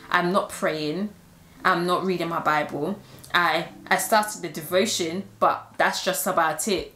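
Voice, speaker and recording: A woman's voice: mid-range voice, fairly bright tone, reverberant. A woman and Christian influencer sharing a personal testimony in an earnest, heartfelt way.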